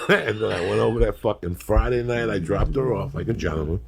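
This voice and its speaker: A middle-aged man with a very deep, gravelly voice spins crude, rambling stories on a casual podcast. He laughs through his own tales. A faint hiss sits under his voice. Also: normal speed. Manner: profane, laughing, rambling storyteller. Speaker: podcast host.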